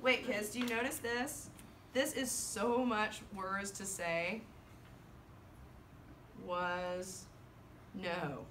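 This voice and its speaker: Woman, French teacher, animated classroom teaching, choral reading, far from mic, echoey room. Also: medium pitch, background noise. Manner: animated, leads choral reading with slow drawn-out words and countdowns.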